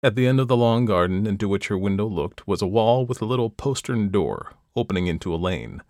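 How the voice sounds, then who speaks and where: A man narrating a classic story in a measured, even storytelling manner. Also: on the low side, no echo, studio quality. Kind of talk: audiobook reading of classic fiction.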